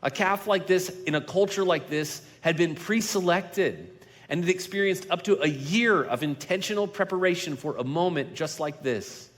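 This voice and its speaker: A male pastor preaching a sermon, slowing down and dropping to a hush for emphasis, then building up louder on key points. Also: sits high. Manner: dynamic delivery, slowing and dropping quiet for emphasis. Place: large church sanctuary. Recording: long reverb of a large hall.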